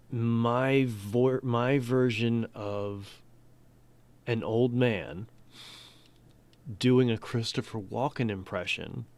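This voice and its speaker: Rambling male streamer, low voice. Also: darkish tone. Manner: rambling, self-interrupting, drops to a whisper at times. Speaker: streamer and voice actor. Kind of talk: casual livestream chat.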